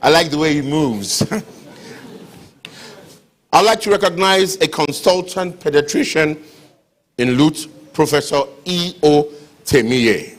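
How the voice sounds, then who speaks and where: A man's voice: fairly high pitch, slow, pauses often. A man serving as master of ceremonies at a public lecture, with courteous, formal phrasing. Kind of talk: formal event hosting. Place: lecture hall.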